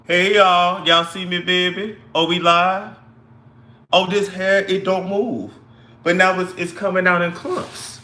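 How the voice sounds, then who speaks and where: A man putting on a scatterbrained woman who frets over her damaged hair, drawling slowly and calling everyone baby. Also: sits high, animated, bright, forceful tone, a little hiss or hum, full character voice. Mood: fretful. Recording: echoey room.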